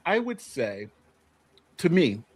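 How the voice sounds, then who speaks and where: High-voiced man laying out a case. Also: very animated, slow. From New York. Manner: argumentative, builds a case point by point. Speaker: panel host. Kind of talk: casual panel discussion.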